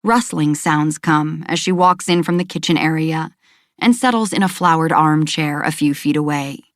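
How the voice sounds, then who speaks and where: Low-voiced woman narrating a romance audiobook. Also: moderate pace, no echo, clean studio sound. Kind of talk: first-person romance narration.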